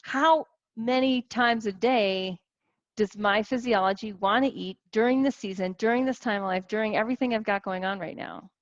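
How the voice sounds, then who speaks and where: A woman in her forties giving a casual teaching talk to a group as a wellness coach, animated, with many restarts and rhetorical questions. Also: medium pitch, normal speed, no room sound, highs cut off. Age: 40s.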